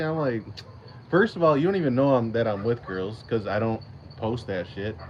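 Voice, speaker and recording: A man with a medium-pitched voice hosts his own channel in a casual livestream chat, talking at normal speed. He rambles through a story full of swearing, restarts and frequent laughter. The recording is muffled with a little hiss or hum.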